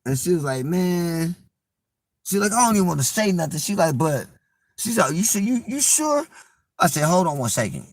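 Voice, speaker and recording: A man's voice: a little high, very animated, a little fast, dry recording. A young man telling a personal story in casual slang, acting out the voices of the people he quotes.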